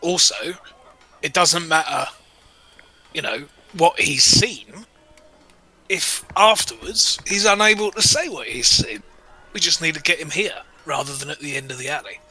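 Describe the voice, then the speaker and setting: A man playing a tabletop role-playing game, deliberately planning aloud with his group. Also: on the high side, expressive, pushed and bright, faint music behind, rough recording. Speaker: player. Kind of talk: casual game chat.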